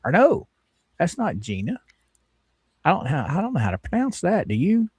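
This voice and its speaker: A folksy man hosting a casual livestream. His voice swings up and down a lot in pitch, sitting a bit high for a man. The sound is dry and close, with no room echo. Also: wildly swooping pitch, normal speed, a little mellow, husky. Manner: folksy, greets viewers by name. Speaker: livestream host.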